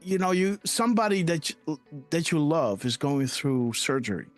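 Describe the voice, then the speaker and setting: A man's voice: a little high, lively intonation, normal speed, soft background music. A man hosting a live online show, reading posts aloud in emphatic casual commentary and often adding "right?" and "you know". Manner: emotional, trailing off softly at ends.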